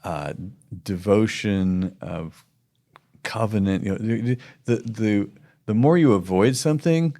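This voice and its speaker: A man's voice: on the low side, slow, mellow. A man co-hosting a casual faith-based podcast, talking earnestly with many restarts and emphatic urging. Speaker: podcast co-host.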